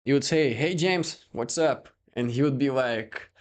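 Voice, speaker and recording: His voice is mid-range and unhurried, shaped by a Brazilian Portuguese accent. The young Brazilian guest chats casually in English during an interview, bringing his stories to life by acting out the voices of the characters in them.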